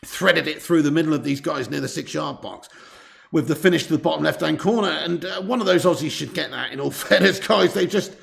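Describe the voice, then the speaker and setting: A man's voice: fairly high pitch, a little fast, vocal fry, a bit bright. A man, hosting a live football watch-along, chatting casually, reading out viewer comments and swearing freely. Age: 30s.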